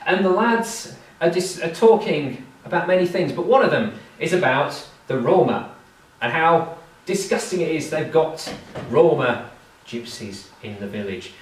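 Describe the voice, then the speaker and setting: Lively man telling a story to a crowd. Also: fairly high pitch, measured pace. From Britain. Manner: chatty, asides and questions to the audience. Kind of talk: live oral storytelling to an audience. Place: indoor event hall. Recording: roomy hall from far off.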